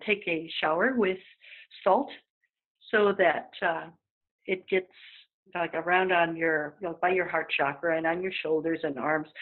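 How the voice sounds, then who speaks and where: Husky-voiced woman on a tinny line. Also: fairly low pitch. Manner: chatty, acts out quoted voices, frequent fillers. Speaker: psychic medium guest. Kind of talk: casual panel chat.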